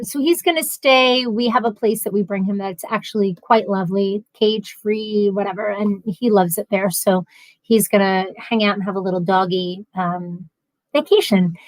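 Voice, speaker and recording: A middle-aged woman chatting on a casual livestream, reading viewer comments aloud in a lively, animated way. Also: mid-range voice, dry recording, rough recording. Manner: chatty and animated, laughs often.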